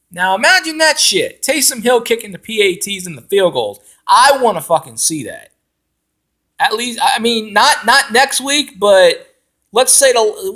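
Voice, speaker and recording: Profane, animated ranting football fan man. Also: high voice. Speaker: fan commentator.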